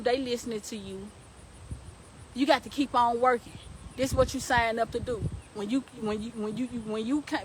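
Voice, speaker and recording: Young woman streamer, slightly high voice, fervent preachy delivery that repeats lines for emphasis, faint background noise. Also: poor audio. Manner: emphatic, repetitive, preaching to viewers. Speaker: live-stream host. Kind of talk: preachy motivational live-stream talk.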